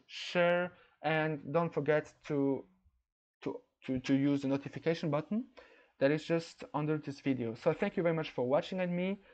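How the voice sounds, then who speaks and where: A man from France with a French accent, recapping a chess game in an excitable, stop-and-start way. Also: on the high side, dull audio. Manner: excitable storytelling, many restarts. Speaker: chess vlogger. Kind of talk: casual recap monologue.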